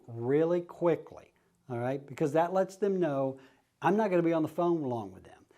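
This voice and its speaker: A man's voice: on the high side, mellow. A middle-aged man, teaching real estate agents how to cold call, acting out friendly, familiar phone greetings. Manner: acts out friendly phone calls in a casual, familiar tone. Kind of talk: instructional talk.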